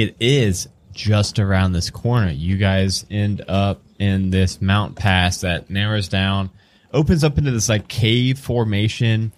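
A man narrating as game master in a tabletop game, describing scenes haltingly with fillers and reading a riddle out slowly and solemnly. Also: on the low side. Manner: reads the riddle in a raised, slow, solemn voice.

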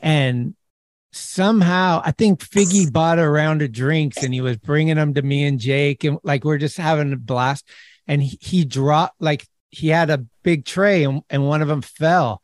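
An excited man tells wild trip stories in quick, casual chat, his voice sitting a little high for a man. He is recorded close and dry, with hardly any room sound. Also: no echo.

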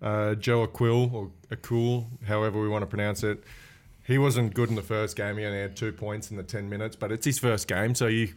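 A man on a basketball podcast listing game stats in a steady, casual way with dry jokes. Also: lowish voice, quick pace. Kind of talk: casual sports chat.

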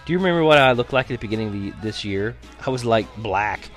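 A man's voice: lowish voice, lively intonation, fast talker, a bit bright, faint music behind. A man voicing a chatty, eager teenage girl who gushes. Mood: bubbly. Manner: bubbly, gushing.

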